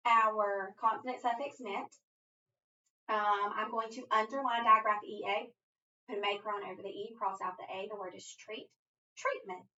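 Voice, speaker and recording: A woman's voice: fairly high pitch, bright, forceful tone. A woman reading teacher walking a student through a phonics lesson step by step, with an encouraging manner. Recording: distant dull lo-fi recording.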